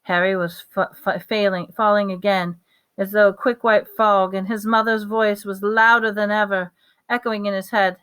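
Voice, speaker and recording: A woman reading a novel aloud at a steady pace, with small slips and restarts. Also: mid-range voice, moderate pace, smooth. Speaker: audiobook reader.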